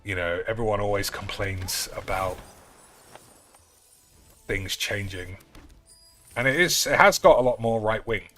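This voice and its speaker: A man's voice: fairly low pitch, unhurried, long pauses, bright, forceful tone, soft background music. A man chatting casually and swearing freely while streaming a card game. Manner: rambling, sweary, offhand. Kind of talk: casual live-stream chat while gaming.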